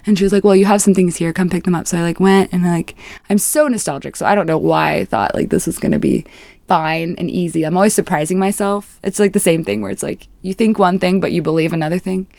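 A young woman with a low, gravelly voice chats as an interview guest, rambling and reflective and full of "like". The sound is dry and close, with no room around it. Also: a little fast, a little mellow, dry recording. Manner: rambling, heavy use of "like", reflective. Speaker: musician guest. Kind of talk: casual interview chat.

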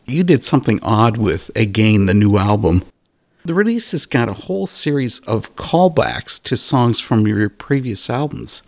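Gravelly-voiced male interviewer. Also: medium pitch, sing-song, moderate pace, no echo. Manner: brief, curious questions. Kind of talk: interview questions.

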